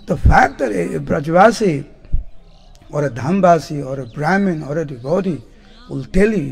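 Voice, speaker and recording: A man, telling devotional stories as a spiritual teacher, animated and often laughing as he acts out what people said. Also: fairly high pitch, moderate pace, gravelly, breathy edge. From India. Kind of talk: devotional storytelling lecture. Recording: long hall reverb.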